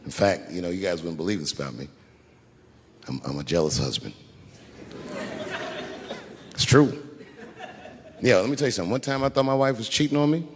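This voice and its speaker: A middle-aged man telling stand-up stories on stage, animated, swinging between hushed asides and shouted punchlines. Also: deep voice, fairly quick, long pauses. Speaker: stand-up comedian. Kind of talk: stand-up comedy storytelling. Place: large live venue with audience. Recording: live hall with crowd noise.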